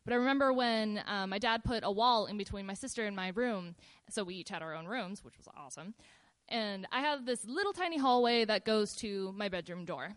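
A woman casually telling a personal story in a relaxed, meandering way, with fillers and pauses. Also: mid-range voice.

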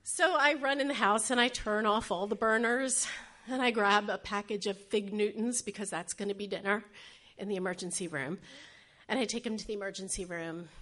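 A woman's voice: medium pitch, a bit bright. A middle-aged woman tells a true personal story on stage, self-deprecating and acting out the voices of others.

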